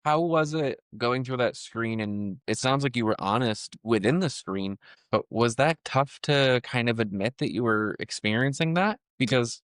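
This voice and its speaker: A man hosting a podcast, asking calm, probing, empathetic questions. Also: medium pitch, normal speed, no room sound, clean studio sound. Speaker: podcast host. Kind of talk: interview questions.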